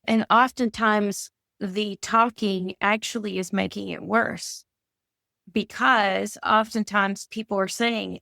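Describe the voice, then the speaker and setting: A woman's voice: medium pitch, fairly even intonation, takes it slowly, vocal fry, sharp tone, no room sound, studio quality. A woman who is a mindset coach, talking in an earnest, chatty, rambling way as a podcast guest. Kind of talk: casual conversation.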